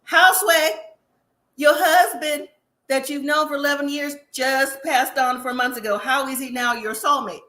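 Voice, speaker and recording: Sassy woman host, casual reality-TV recap, bright and high. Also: normal speed. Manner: chatty, sassy, quotes people in animated asides. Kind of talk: casual live-stream recap.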